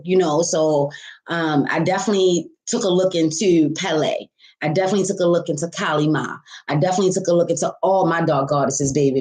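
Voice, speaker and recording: A woman's voice: on the low side, a little mellow. Profane, candid woman tarot reader. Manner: candid and profane, calling listeners baby and honey. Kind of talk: casual spiritual talk to viewers.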